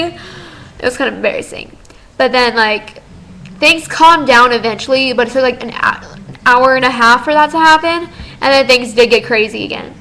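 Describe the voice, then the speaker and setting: A fifteen-year-old girl telling a story in a casual vlog, chatty and animated, full of "like". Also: high voice, normal speed, a little hiss or hum, rough recording. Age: teens. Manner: chatty, lots of "like", animated retelling. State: tired. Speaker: vlogger.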